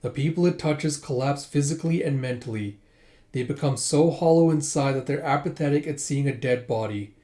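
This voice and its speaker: A man's voice: a little high, brisk, dark tone, close to an everyday voice. A man voicing a stern, disdainful older lord from a comic, read aloud lightly voiced. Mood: cold.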